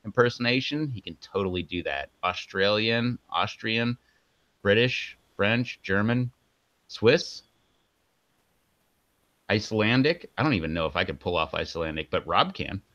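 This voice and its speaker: A man's voice: on the low side, animated, a little slow, sharp tone, dry recording. A man co-hosting a casual live stream, rambling and joking as he hypes up his co-host. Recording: dull lo-fi sound.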